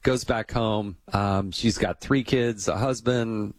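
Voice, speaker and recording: This is a man hosting a podcast interview, his voice sitting on the low side. He talks casually, leans into anecdotes and laughs easily. The sound is close and dry, with no room around it. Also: steady tone, slow, dry recording. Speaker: podcast host.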